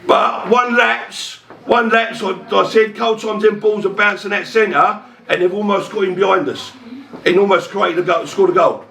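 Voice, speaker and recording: A man's voice: sits high, fairly even intonation, moderate pace, creaky, sharp tone, far from the mic. A man giving a firm, swearing half-time team talk as a football manager. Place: dressing room. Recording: echoey dressing room from afar.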